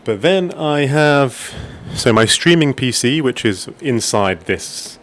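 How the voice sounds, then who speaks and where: Using a desk microphone on an arm, a man gives a casual tour of his gaming and streaming desk at home. His medium-pitched voice is expressive and slow, and he rambles a little with fillers and restarts.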